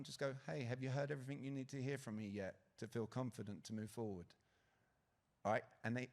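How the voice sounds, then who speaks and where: A man giving a live sales talk at a conference, asking the audience questions and acting out quotes. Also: mid-range voice. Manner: lively, asks the audience questions, acts out quotes. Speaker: conference speaker. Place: conference hall stage.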